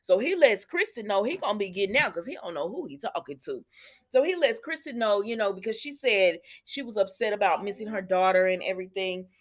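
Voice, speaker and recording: A woman's voice: mid-range voice, animated, fairly quick. A woman chatting casually to her viewers as she recaps a soap episode, retelling scenes and calling them y'all. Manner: retells scenes, quoting characters. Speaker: soap opera reviewer.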